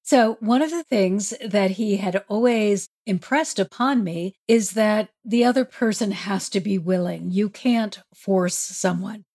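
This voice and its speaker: A woman, a spiritual healer and podcast guest, telling a story in an animated way, often laughing and acting out what people said. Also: medium pitch, measured pace, hardly any pauses. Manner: lively, laughs often, acts out quotes.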